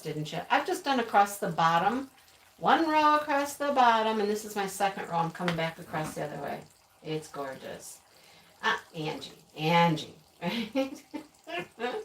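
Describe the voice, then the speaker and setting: Chatty woman hosting a craft live stream. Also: medium pitch. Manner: chatty, laughs often, calls out names. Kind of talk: casual live chat greeting viewers. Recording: echoey room, distant from mic, faint noise.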